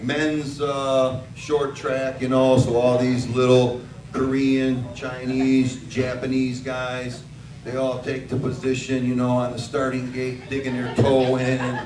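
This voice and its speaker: A man's voice: mid-range voice, monotone, slow. A man with a Detroit-area American accent doing a crude, swearing stand-up set in a bar, telling stories and acting out his wife's lines. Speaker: stand-up comedian. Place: bar with a live audience. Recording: echoey bar recording from far off with crowd.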